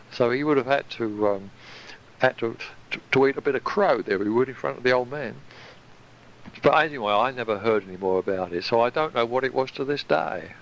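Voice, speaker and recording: A man recounting his past in a recorded reminiscence, animated and casually swearing. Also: medium pitch, vocal fry, muffled recording, slight background noise.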